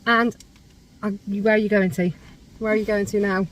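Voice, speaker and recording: A woman's voice: medium pitch, flat delivery, moderate pace, low-quality recording. A woman chatting casually to camera in a car, upbeat and now and then turning to talk to her kids. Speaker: family vlogger. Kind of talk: casual vlog chat to camera. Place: inside a parked or moving car. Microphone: phone in a holder.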